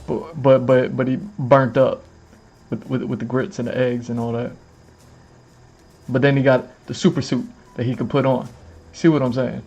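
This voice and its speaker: A man's voice: medium pitch, fairly even intonation, moderate pace, vocal fry, a little mellow, dull audio, faint music behind. A man chatting casually on a livestream to his camera, rambling, repeating phrases and filling gaps with "you know what I mean". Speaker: streamer. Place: indoors in front of a camera with lights.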